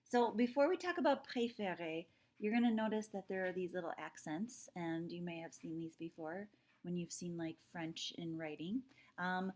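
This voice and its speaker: A woman teaching a French lesson to her students. She talks to them directly, often checks in with "okay?", and draws sounds out slowly to model them. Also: fairly low pitch, darkish tone. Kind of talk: recorded classroom lesson.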